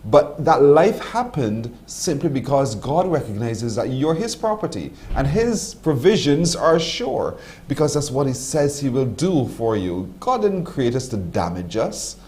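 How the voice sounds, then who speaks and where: A man hosting a morning TV interview, his speech rising and falling with a lively pitch range. He sums up his guest's points in reflective, almost preached phrases and frequently affirms what she says. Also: measured pace, few pauses. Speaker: morning show host. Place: TV studio.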